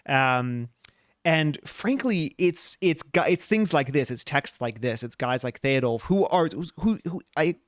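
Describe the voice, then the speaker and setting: Animated man with a smooth voice. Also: fairly high pitch, a little slow, no room sound, clean studio sound. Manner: animated, playful when paraphrasing old texts. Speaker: podcast co-host, priest. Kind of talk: casual chat.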